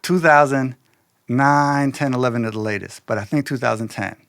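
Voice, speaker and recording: A man telling a personal story in loose, slangy, animated casual talk, slipping into quoted voices. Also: mid-range voice, normal speed, no room sound, clean studio sound.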